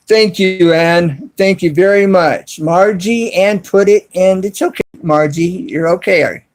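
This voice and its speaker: A man hosting a casual live stream from his cell phone, talking to viewers in the chat and spelling words out slowly and deliberately. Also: high voice. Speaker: YouTube channel host live streaming.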